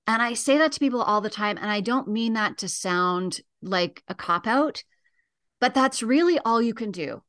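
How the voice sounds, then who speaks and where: Calm, measured middle-aged woman educator. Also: a little high. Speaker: grief educator. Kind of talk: radio interview guest.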